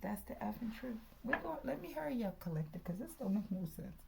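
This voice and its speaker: A woman's voice: on the high side, animated, fairly quick, vocal fry, warm tone, a little hiss or hum. Chatty tarot-reading woman, half-whispering. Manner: chatty, slips into whispers, says "okay" constantly. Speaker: tarot reader.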